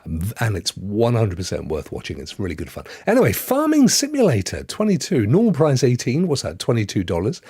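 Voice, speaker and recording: Lively, teasing West Country man in his fifties. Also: lowish voice, fairly quick, few pauses, husky, dry recording, clean studio sound. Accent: West Country English. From Devon, England. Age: 50s. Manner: teasing, jokey, cheeky. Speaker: podcast co-host. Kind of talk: casual banter.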